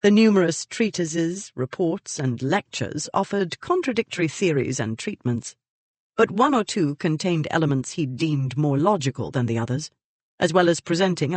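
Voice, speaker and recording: An audiobook narrator reading a historical romance in measured, even scripted narration. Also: medium pitch, no room sound.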